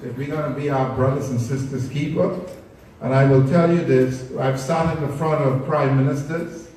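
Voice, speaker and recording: A man's voice: medium pitch, fairly even intonation, moderate pace, darkish tone, distant mic, a little hiss or hum. A man giving an earnest, persuasive public talk to an audience, speaking from a spiritual perspective. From Bahamas. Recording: echoey room recorded from afar.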